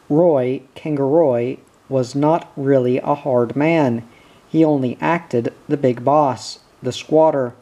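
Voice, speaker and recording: A man narrating a short story in a measured, deliberate reading. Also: mid-range voice, steady tone, dark tone, highs cut off. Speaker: audiobook reader.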